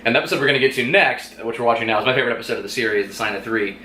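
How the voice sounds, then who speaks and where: A man hosting a casual review vlog, retelling scenes with quick animated chatter and acted-out quotes. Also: mid-range voice. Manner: fast, animated retelling with quoted lines and laughs. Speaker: vlog host reviewing a TV episode. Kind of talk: casual chat. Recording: echoey room with faint noise.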